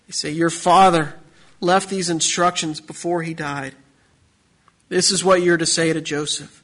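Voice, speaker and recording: A man with a high voice preaches a sermon to his congregation. He builds his points through repeated phrases and rising emphasis. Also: flat delivery, normal speed, fairly bright tone. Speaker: pastor.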